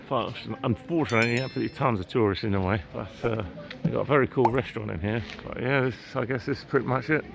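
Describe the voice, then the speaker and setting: A man's voice: medium pitch, fairly quick, creaky, crowd noise. An English man from England vlogging his travels while walking around, chatty and grumbling, with mild swearing and frequent chuckles. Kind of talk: casual walking vlog. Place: city streets outdoors. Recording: loud street and traffic noise.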